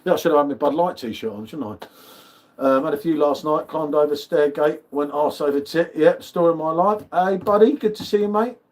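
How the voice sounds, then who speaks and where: A man's voice: on the high side, a little fast, a little mellow. A man hosting a live beer tasting, chatting casually with matey banter and greeting viewers by name. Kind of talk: casual live-stream chat.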